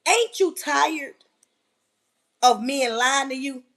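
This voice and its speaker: A woman giving a fervent, preachy motivational talk on a live stream, hammering repeated phrases and often yelling. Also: high voice, expressive, slow pace.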